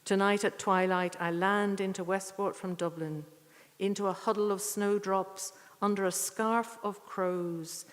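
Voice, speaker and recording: A woman giving a poetry reading with short spoken introductions, earnest and unhurried, with thoughtful pauses. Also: mid-range voice, fairly even intonation. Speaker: poetry reader at a tribute evening. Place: church. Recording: echoey church hall.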